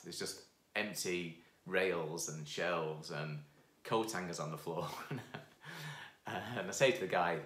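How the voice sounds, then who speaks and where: Low-voiced man telling a funny story. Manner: animated, laughing often, acts out quotes. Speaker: founder of a piano course. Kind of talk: personal anecdote storytelling. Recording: roomy echo.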